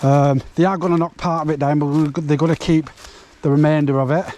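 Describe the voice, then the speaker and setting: A man talks casually to his camera while walking outdoors. His voice sits fairly high but sounds mellow and soft-edged, and he rambles with plenty of ums and restarts. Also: steady tone, fairly quick. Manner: rambling, chatty, many fillers. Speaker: urban explorer vlogger. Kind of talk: casual vlog chat. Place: outdoors on derelict grounds.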